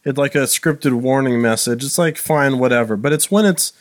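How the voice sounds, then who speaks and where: Halting man in casual podcast chat. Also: medium pitch. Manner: halting, repeats words while searching for them. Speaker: podcast co-host.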